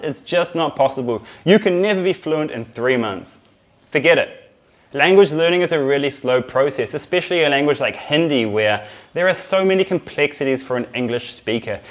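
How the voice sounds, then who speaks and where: An energetic man talks straight to camera as a language-learning vlogger, leaning hard on key words. His delivery is upbeat and emphatic, and his voice sits at an ordinary middle pitch for a man. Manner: energetic, emphatic teaching talk. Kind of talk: upbeat YouTube language lesson.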